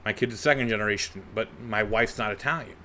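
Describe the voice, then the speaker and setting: A middle-aged man from Brooklyn with a New York accent, hosting a solo podcast and talking in an animated, conversational, rhetorical way. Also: on the low side, fast. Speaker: podcast host and comedian. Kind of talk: unscripted solo podcast monologue.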